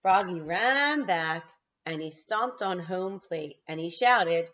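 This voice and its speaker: A kindergarten teacher reading a picture book aloud to her class, animated and talking straight to the children. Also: lowish voice, slow pace, dull audio. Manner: animated, talks straight to the kids.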